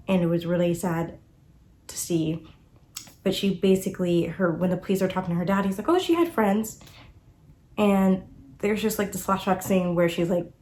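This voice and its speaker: Young woman, book reviewer, casual chat delivery, emotional and animated. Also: medium pitch. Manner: emotional and animated, many fillers like "like" and "you know".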